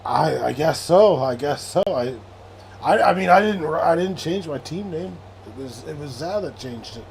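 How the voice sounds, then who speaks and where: Young male streamer, slightly high voice, rambling and profane, reading chat with a faint noise bed. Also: animated, moderate pace, gravelly. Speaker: livestream host. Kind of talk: late-night sports stream chat.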